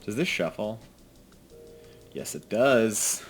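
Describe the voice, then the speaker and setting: Man, casual game commentator. Slow, animated delivery, self-mocking, with soft music under him. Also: lowish voice. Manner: animated, self-mocking, swings between mutters and outbursts. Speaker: card game streamer. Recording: faint music behind.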